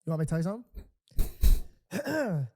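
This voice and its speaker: A man's voice: fairly high pitch, big pitch swings, brisk, a little mellow, husky. A young man in casual podcast chat, telling a story earnestly and acting out the dialogue. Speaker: podcast co-host.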